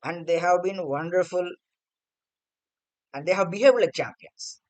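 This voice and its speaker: Man, cricket vlogger, blunt and sarcastic rant, high-pitched and smooth. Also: measured pace, rough recording. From India. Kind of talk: opinion rant to camera.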